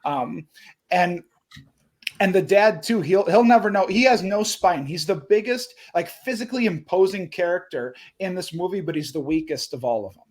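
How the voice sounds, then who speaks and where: A man with a fairly high voice, chatting casually about a film on a podcast. He rambles and restarts his sentences often, sometimes slipping into the thoughts of the characters. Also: moderate pace. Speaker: podcast panelist.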